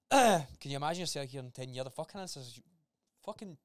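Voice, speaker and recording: Scottish man, quick, slightly high voice, blunt and sweary, casual podcast chat. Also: lively intonation, dry recording, clean studio sound. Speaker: podcast co-host.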